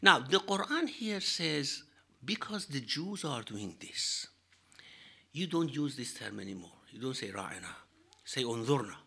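A man explaining scripture in a lecture, measured and halting, with frequent fillers and pauses. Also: mid-range voice, big pitch swings, creaky, pushed and bright, husky. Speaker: religious teacher.

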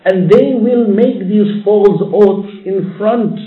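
A man preaching a sermon, reciting Arabic verses quickly and explaining them in English with emphatic rises. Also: high voice, faint music behind. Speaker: Islamic preacher. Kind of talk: sermon with Quran recitation and translation. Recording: echoey room over tinny phone-like line.

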